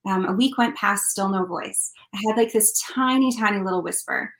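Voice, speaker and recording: A woman's voice: medium pitch, normal speed, roomy sound, poor audio. A woman from Canada, a country singer and interview guest, telling a personal story in an earnest, heartfelt way.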